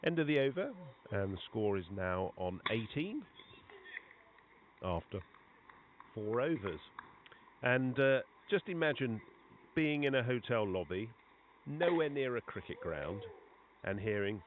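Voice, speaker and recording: Over a thin, phone-like line with audible background noise, a man gives relaxed commentary on a cricket match outdoors. His medium-pitched voice is a little slow with frequent pauses, chatty between balls and rising in excitement on the big hits.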